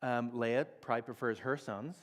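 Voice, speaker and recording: A man's voice: medium pitch, fairly even intonation, moderate pace. Man teaching in a reverberant church. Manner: conversational teaching, acts out quoted dialogue. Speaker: church speaker. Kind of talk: sermon on relationships. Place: church sanctuary. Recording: long reverb of a church hall.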